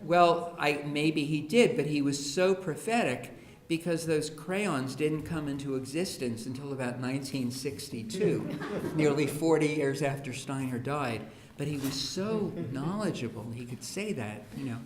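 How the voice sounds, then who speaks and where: A man's voice: a little high, measured pace, few pauses. A man giving a humorous talk on education to an audience, acting out the voices of parents and children as he tells stories. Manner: humorous storyteller, acts out quoted children and parents. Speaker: speaker on education. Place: school hall. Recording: echoey room with faint hiss.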